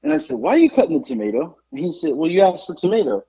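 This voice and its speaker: A man hosting a podcast, telling a story in an animated, exasperated way over dull lo-fi audio. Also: high voice, rapid-fire, creaky, husky. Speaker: podcast host. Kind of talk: casual chat, storytelling.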